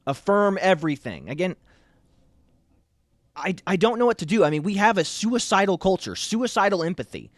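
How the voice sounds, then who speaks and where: Male co-host, fairly high voice, dry close sound, opinionated and rambling. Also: big pitch swings, moderate pace, no echo. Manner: opinionated, rambling, frequent restarts. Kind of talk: casual political chat.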